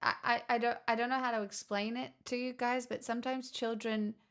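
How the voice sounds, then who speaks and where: A woman's voice: fairly high pitch, little pitch movement, a little fast, fairly bright tone, clean tone. A woman streamer in casual chat, rambling and laughing often as she tells stories.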